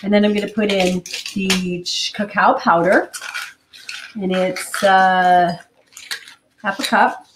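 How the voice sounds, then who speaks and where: Woman hosting a hurried kitchen demo. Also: mid-range voice, steady tone, background noise. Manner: hurried, chatty, thinks out loud. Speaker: cooking show host. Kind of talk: live cooking demonstration. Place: home kitchen. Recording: roomy kitchen with clattering dishes.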